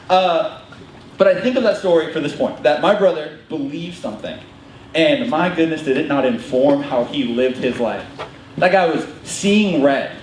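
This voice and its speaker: Animated young man preaching in an echoey hall. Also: on the high side, a little hiss or hum. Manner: animated, self-interrupting storyteller who acts out family voices. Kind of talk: storytelling sermon. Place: worship hall. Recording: echoey hall, heard from a distance, faint ambience.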